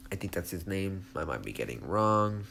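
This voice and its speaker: A man's voice: deep voice, big pitch swings, moderate pace, gravelly, fairly bright tone, a little hiss or hum. A young man casually retelling a fan story, rambling and hesitant with many restarts.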